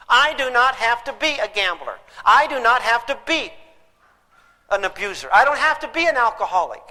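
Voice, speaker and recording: A man's voice: very high-pitched, sharp tone, long reverb tail, low-quality recording. A man teaching a parenting class to a live audience, emphatic and throwing questions at them.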